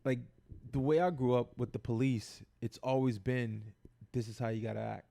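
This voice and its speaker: A man co-hosting a podcast, telling stories in a casual, animated, profane way and acting out the dialogue in them. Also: mid-range voice, normal speed, vocal fry. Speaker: podcast co-host.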